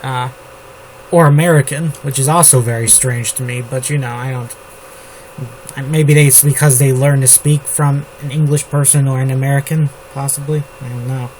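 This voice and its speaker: A man writing a novel on camera, slowly reading his draft aloud and rambling about it with lots of fillers. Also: mid-range voice, rough recording. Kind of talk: writing session, thinking aloud. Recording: steady background noise with keyboard typing. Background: computer keyboard typing.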